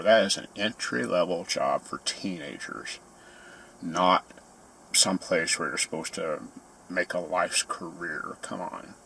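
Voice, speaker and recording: Gravelly low-voiced man ranting. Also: fairly bright tone, a little hiss or hum. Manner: grumbling, sarcastic storytelling. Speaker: vlogger. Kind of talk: casual ranting monologue.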